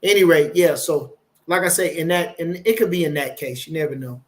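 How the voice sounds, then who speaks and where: A man with a high-set voice talks boxing on his own live stream. He rambles, swears freely and presses his points hard, stopping now and then to read viewer comments aloud. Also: a little fast. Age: older. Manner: swearing, rambling, emphatic, reads chat aloud. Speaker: boxing channel host.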